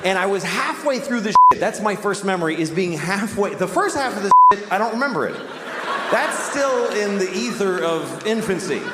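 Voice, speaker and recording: A man tells a wry, self-mocking stand-up story in a high voice. The recording is roomy with a long reverb tail, and loud noise sits under his voice. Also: expressive, normal speed. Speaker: stand-up comedian. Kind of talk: stand-up comedy routine.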